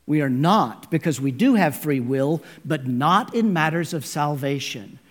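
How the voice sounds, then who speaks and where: Emphatic man preaching, slightly high voice. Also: lively intonation, measured pace. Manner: emphatic preaching, addresses listeners as friends. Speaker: pastor. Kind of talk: sermon.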